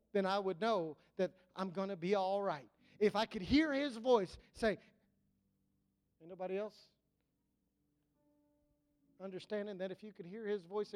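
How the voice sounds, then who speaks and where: A man with a notably high voice and a drawl preaches from the pulpit. He builds to loud, repeated cries, then drops to a near hush. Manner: impassioned preaching with rising, shouted repetitions and sudden hushed drops. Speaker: pastor. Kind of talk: sermon.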